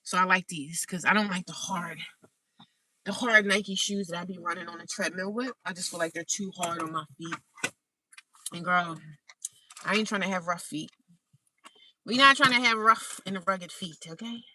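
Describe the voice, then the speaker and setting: A woman vlogger from the United States chats sassily to her live chat from inside her car, calling viewers honey and girl. Her lowish voice moves at a moderate pace with long pauses and a sharp tone. The recording is dry and taken from a distance.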